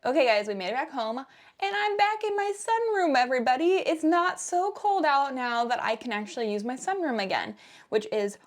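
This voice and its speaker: A woman's voice: high-pitched, animated, normal speed. A young adult woman, chatting casually and upbeat as she shows off her thrift finds. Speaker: thrift reseller vlogger. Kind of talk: casual vlog chat.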